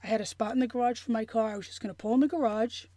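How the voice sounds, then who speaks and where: A woman telling a personal story in an interview, earnest and emotional, halting with many restarts and fillers. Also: a little high, steady tone, mellow, dry recording. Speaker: interview guest.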